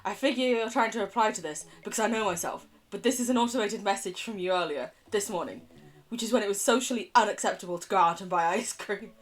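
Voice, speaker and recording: Quick, foul-mouthed woman streamer. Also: mid-range voice. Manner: quick, chatty, swears freely, laughs often. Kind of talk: live-stream game commentary.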